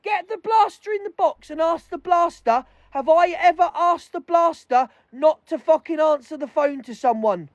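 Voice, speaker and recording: A woman's voice: sits high, moderate pace, hardly any pauses, dry recording, dull audio. A woman streaming live, furiously ranting with heavy swearing and calling out other creators. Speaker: livestreamer. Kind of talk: angry livestream rant.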